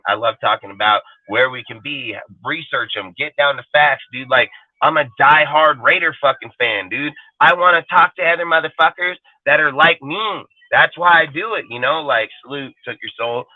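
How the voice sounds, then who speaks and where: A man's voice: a little high, normal speed, no echo. A man ranting on a live fan stream, blunt and full of swearing. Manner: profane, blunt and emphatic. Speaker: fan show panelist. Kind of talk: heated live-stream rant. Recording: phone-quality line, dry sound.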